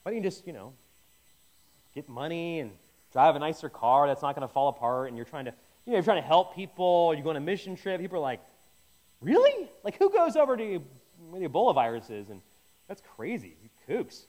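Guy doing a laid-back bible study, high voice that jumps all over, keeps restarting sentences. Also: big pitch swings, fast talker, a little mellow. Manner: conversational, self-interrupting, jokey asides. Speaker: pastor. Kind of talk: informal Bible teaching.

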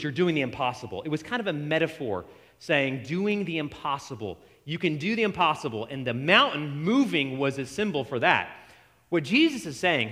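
A man preaching a sermon in an animated way, acting out quoted voices and often restarting his sentences. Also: a little high, in a large hall.

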